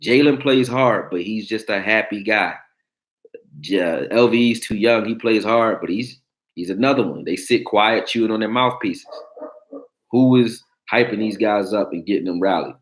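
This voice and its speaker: Deep-voiced blunt sports talk host. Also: male voice, normal speed. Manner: blunt, profane, joking, reacting to chat. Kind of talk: casual sports talk livestream.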